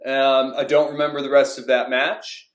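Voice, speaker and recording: A man's voice: medium pitch, level tone, moderate pace. A young man telling personal stories in a rambling, casual way, full of fillers and restarts. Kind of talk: casual storytelling. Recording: echoey room.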